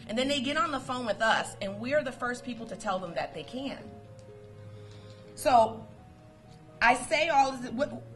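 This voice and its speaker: A woman with a fairly high voice gives a lively motivational talk to her coworkers. She tells stories, quotes sayings and laughs between them. Faint music plays underneath. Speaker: motivational speaker.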